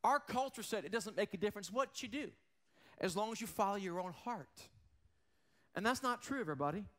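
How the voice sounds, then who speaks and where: A man with a high voice preaches a sermon to his congregation. He speaks earnestly and often asks the room questions. To stress a point he drops his voice low and quiet. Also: lively intonation, fairly quick. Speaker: pastor.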